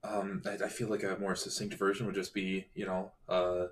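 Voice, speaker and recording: A man's voice: deep voice, level tone, moderate pace. A man playing a tabletop game, hesitant and self-correcting as he talks in character. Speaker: player.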